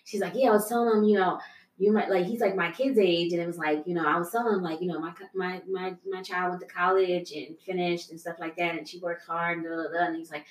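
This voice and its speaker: A woman in her thirties co-hosting a casual podcast chat, emotional and quick to laugh. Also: fairly low pitch, fairly even intonation, echoey room, poor audio. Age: 30s. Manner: emotional, laughing, rising when moved. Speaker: podcast co-host.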